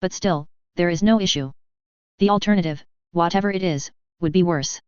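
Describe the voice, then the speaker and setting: A woman voicing a calm, thoughtful noblewoman and mother who speaks in a reasoning way. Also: fairly low pitch, moderate pace, clean tone, no echo, lightly acted. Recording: dry, slightly dull recording.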